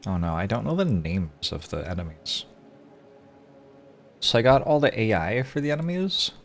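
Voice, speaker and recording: A man on a livestream, chatting casually with viewers and greeting them one by one, with sudden loud mock-outraged outbursts. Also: fairly low pitch, very animated, normal speed, creaky, slight background noise. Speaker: streamer.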